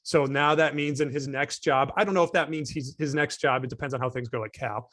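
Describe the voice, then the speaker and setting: A man's voice: mid-range voice, fairly quick, a bit bright, no room sound, studio quality. Male co-host, mid-range voice, talks in loose rambling thoughts. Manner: rambling, thinking aloud with restarts. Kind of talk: casual panel discussion.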